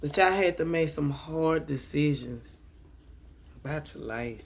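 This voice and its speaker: A woman's voice: low voice, measured pace. A woman giving a tarot reading to her viewers, emotional and repeating affirmations as she speaks to them directly. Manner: addresses viewers as y'all. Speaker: tarot reader and coach.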